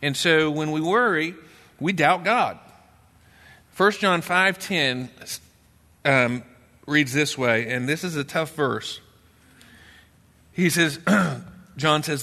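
A man with a Texan accent preaching a sermon in church, talking conversationally and dropping into a low grumbling voice when he acts out a doubter. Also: takes it slowly, long pauses, sharp tone. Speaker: pastor. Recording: long reverb in a church hall.

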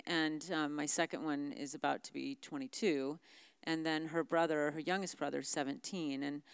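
A woman's voice: fairly low pitch, clean tone, no room sound, studio quality. A middle-aged woman speaking frankly and candidly about her family as a guest in a conversation. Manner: frank, confessional.

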